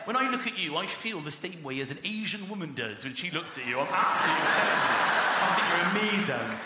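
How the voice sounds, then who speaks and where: A man's voice: fairly high pitch, expressive, fast talker, heavy background noise, natural voice. Man doing a gushing little terrier dog with a Norfolk accent. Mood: adoring. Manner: gushing, sweet, overeager. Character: adoring little male terrier dog, devoted and anxious. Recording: echoey venue with loud crowd laughter.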